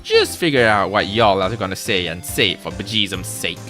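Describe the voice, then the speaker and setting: A streamer voicing a brash Southern woman photographer with an exaggerated put-on drawl, scolding and quick to bristle. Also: sits low, animated, over music. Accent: American Southern, put on.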